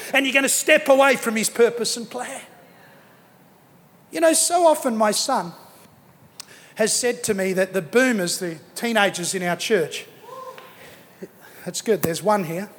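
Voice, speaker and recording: A middle-aged man preaching in a very high register, pressing his points and repeating them for weight. His voice rings through a big church hall with a long reverb tail. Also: normal speed, fairly bright tone. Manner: emphatic, repeats key phrases, acts out quoted people. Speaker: pastor. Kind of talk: sermon. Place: church auditorium.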